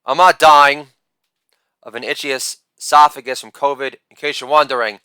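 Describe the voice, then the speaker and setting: A middle-aged man performing a boastful, theatrical stand-up comedy monologue with shouted catchphrases. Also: fairly high pitch, animated, moderate pace, clean tone, dry recording, studio quality.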